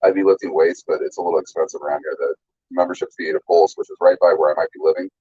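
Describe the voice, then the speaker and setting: Deep husky guy rambling on stream, dull lo-fi sound. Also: steady tone, very fast, mellow. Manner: rambling, hesitant, many restarts. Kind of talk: casual talk on a live chat. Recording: dull lo-fi dry audio.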